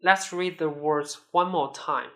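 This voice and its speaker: A woman teaching a pronunciation lesson, modelling syllables with careful, deliberate enunciation. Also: low voice. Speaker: Mandarin teacher.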